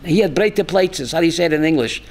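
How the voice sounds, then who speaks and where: A man, a rabbi, teaching a class with animated storytelling and calling on students by name. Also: a little high, fast, vocal fry, slight background noise.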